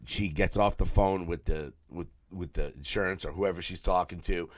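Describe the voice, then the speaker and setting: Low voiced new guy, a bit hoarse and worn out, swearing and doing voices as he tells a story, dead dry sound. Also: normal speed, dry recording. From New York. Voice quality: throaty, tired voice. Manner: profane, animated storyteller who mimics people. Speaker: podcast co-host. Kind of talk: casual storytelling chat.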